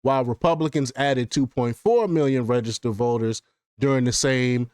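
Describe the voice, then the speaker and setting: A male commentary host reads news quotes and adds his own laughing remarks. His voice sits at a medium pitch, and the recording is dry with no room echo. He stumbles and repeats words now and then. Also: normal speed, a little mellow, smooth.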